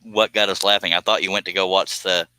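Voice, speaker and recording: A man's voice: sits low, fairly even intonation, brisk, bright, forceful tone, dry recording, poor audio. A middle-aged man hosting a casual live stream, giggling and reading out viewer comments. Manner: giggly, breaks into helpless laughter, reads out viewer comments.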